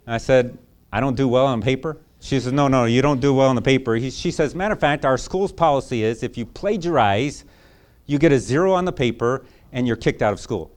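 A man delivering a sermon in an easy, folksy storytelling voice, circling back on his words as he goes. He then leans into emphatic, earnest preaching. His pitch sits in an ordinary middle range. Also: fairly quick.

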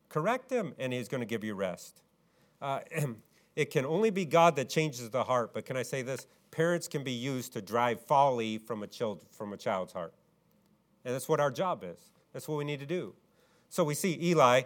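A male pastor preaches a sermon packed with rhetorical questions, swinging from loud, emphatic rises into quiet, low stretches.

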